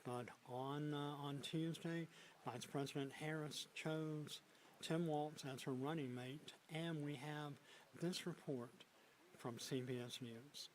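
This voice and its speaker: Halting male TV news anchor. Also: fairly high pitch, fairly even intonation, background noise. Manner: halting, frequent fillers and restarts. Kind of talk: news broadcast with unscripted asides. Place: TV news studio desk.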